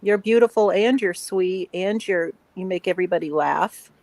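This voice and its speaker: A woman in casual live stream chat, effusive and quick with compliments. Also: on the low side, no echo, rough recording. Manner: warm, effusive, gushing with compliments.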